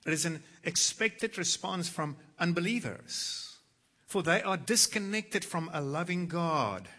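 A male pastor delivers a sermon with a very bright, slightly high voice. He moves dramatically between hushed, low stretches and loud, impassioned bursts as he reads and retells scripture. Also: animated, a little slow. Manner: dramatic, swings from soft to loud when quoting scripture. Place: church.

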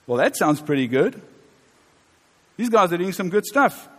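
A man's voice: sits high, sing-song, normal speed. A man in his fifties preaching a sermon in a church, conversational and joking with the congregation. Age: 50s. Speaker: pastor. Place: church hall. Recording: reverberant church hall.

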